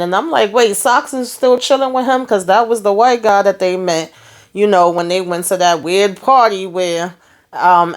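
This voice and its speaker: A woman hosting a casual TV review, chatting through an episode recap and quoting characters with shifts in her voice. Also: fairly low pitch. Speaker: TV review host.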